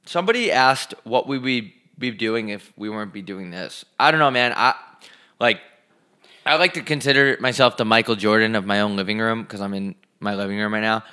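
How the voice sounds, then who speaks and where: Bright-voiced man ranting on a podcast. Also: on the low side, smooth. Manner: profane, ranting, fast and emphatic. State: out of breath. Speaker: podcast co-host. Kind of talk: casual podcast chat. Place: living room.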